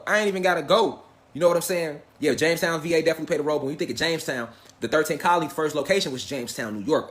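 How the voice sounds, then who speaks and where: A man with a fairly high voice runs a casual livestream lecture. He is emphatic and profane, and keeps checking in with his audience and hammering each point home. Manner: profane, emphatic, repeats "facts" and "all right"; talks directly to viewers, asks them questions. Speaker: online lecture host.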